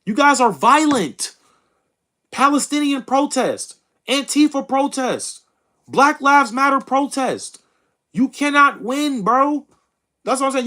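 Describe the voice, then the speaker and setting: A young man runs a political stream in a combative, mocking rant aimed at his chat. His voice sits high and swings widely in pitch. He peppers his lines with bro and dude. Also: sharp tone. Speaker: host of a political livestream reading chat. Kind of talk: heated casual commentary.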